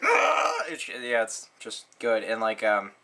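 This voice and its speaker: A man's voice: unhurried, background noise. A man giving a casual movie review, rambling and sarcastic, with lots of "like" and "um" fillers. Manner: rambling, full of "like" and "um", sarcastic asides; animated, frequent jumps in pitch.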